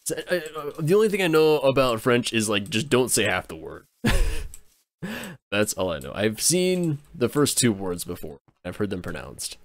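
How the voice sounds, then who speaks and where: A man livestreaming a game, chatting casually in a halting, rambling way with restarts and small chuckles. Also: fairly low pitch, big pitch swings, no room sound. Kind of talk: casual chat while streaming a game.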